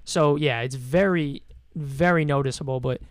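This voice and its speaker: A man's voice: mid-range voice, moderate pace, clear, resonant tone, no room sound, studio quality. Rambling male podcast co-host. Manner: rambling, lots of fillers and restarts. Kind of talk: casual sports podcast chat.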